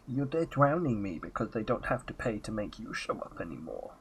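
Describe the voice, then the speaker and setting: A man's voice: on the low side, big pitch swings, fairly quick, hardly any pauses, a little hiss or hum. A man chatting casually while live-streaming a game, self-mocking and muttering asides into a headset.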